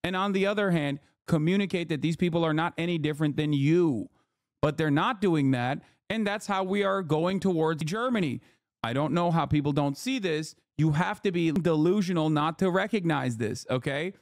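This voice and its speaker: A man's voice: fairly high pitch, normal speed, dry recording, studio quality. A man in his thirties giving heated political commentary as a streamer, ranting with sarcastic asides. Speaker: streamer reacting to news.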